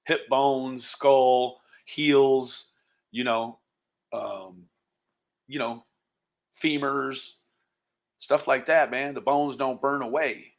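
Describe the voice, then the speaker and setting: A man's voice: mid-range voice, steady tone, extremely slow, creaky, long pauses. A man hosting a livestream, talking casually, profane and taunting, calling out to viewers by nickname. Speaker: livestream host.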